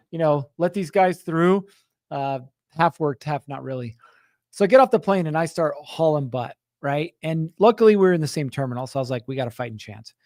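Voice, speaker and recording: A man's voice: fairly high pitch, dry recording, clean studio sound. A man hosting a show for contractors, casually telling a story to his audience and acting out the quotes, often checking in with "right?". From Utah. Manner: animated, acts out quotes, frequent "right?" asides. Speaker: host of a contractor business show.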